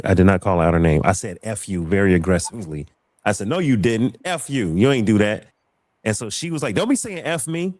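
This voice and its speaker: Low-voiced man telling a story with animation. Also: no room sound. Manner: animated storyteller who repeats phrases for emphasis. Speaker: livestream show host. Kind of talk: casual chat.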